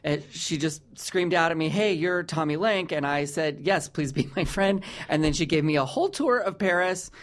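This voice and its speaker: A man hosting a comedy podcast, talking in a playful, rambling, animated way. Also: a little high, moderate pace, hardly any pauses. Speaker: podcast host. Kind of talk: casual comedic chat.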